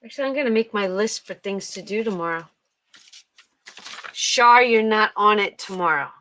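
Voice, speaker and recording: A woman's voice: mid-range voice, moderate pace, pushed and bright, rough recording. A woman co-hosting a casual livestream, playful and teasing, laughing a lot. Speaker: livestream co-host.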